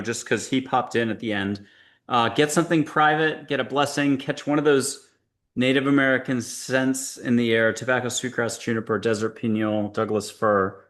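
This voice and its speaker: A man hosts a spiritual interview show, talking his guest through a reflective exercise in a calm, gentle way. His voice sits at an ordinary middle pitch. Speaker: podcast host.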